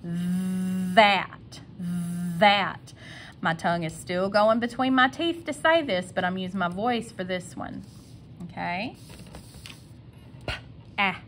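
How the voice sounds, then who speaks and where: A woman teaching a kindergarten phonics lesson, sounding out letters slowly and stretching each sound. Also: medium pitch, animated, a little hiss or hum.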